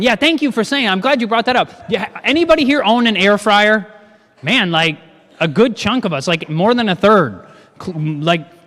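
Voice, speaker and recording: A man presenting a cooking class to a live audience, talking in a lively way and firing questions at the room. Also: sits high. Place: church hall with a live audience. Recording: long church-hall reverb.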